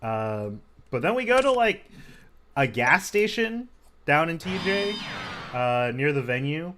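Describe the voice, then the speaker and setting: A man casually commentating a card game match, relaxed and chatty with lots of fillers. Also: on the high side, a little slow, a little hiss or hum.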